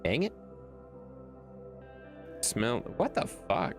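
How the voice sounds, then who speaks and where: A man streams a game and talks casually to his viewers, swearing freely as he goes. His pitch swings up and down a lot. Faint music plays underneath. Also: sing-song, moderate pace, vocal fry, a bit bright. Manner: loose and profane, chatting to viewers and his dog. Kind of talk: casual livestream gameplay commentary.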